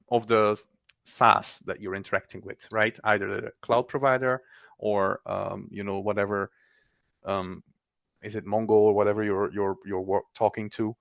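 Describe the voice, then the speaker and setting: A man in casual technical chat, animated, with quick restarts, acting out other people's lines. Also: on the low side, creaky, no room sound.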